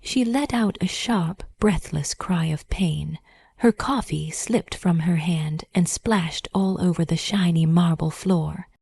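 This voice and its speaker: A woman narrating a dramatic story in a soft, breathy whisper, as whispered role-play. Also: on the low side, slow pace, no room sound.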